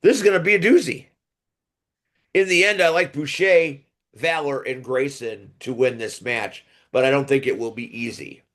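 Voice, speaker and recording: A man's voice: medium pitch, normal speed, fairly bright tone. A man hosting a podcast, chatting casually and enthusiastically, rambling with restarts as he previews matches. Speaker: podcast host. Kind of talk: casual wrestling preview chat.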